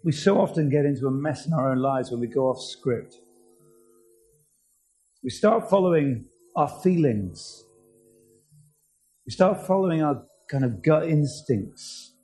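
A man's voice: mid-range voice, darkish tone, low-quality recording. A man preaching a sermon, earnest and asking his listeners many questions.

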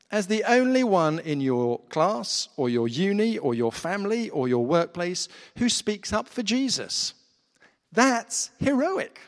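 A man preaching a sermon in an earnest, conversational way, with fillers, in a church hall. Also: high voice.

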